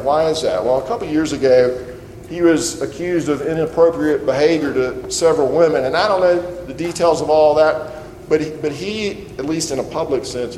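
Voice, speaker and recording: A pastor giving a conversational sermon and leading a closing prayer. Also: male voice, mid-range voice, a little mellow. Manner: conversational preaching, ending in prayer. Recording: roomy hall reverb, faint noise.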